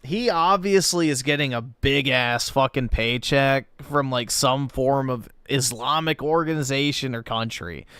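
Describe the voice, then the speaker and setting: A man's voice: medium pitch, unhurried, hardly any pauses, sharp tone, clean tone, dry recording, studio quality. A man hosting a livestream, chatting loosely and offhand with lots of profanity. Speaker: livestream host. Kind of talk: casual stream commentary.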